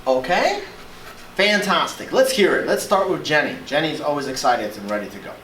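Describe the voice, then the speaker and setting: An animated teacher leads a classroom lesson, the pitch rising and falling constantly. The voice keeps checking in with the students. It sits at a distance from the mic in a reverberant room. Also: moderate pace. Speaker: English teacher. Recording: echoey room, voice from far off, faint hiss.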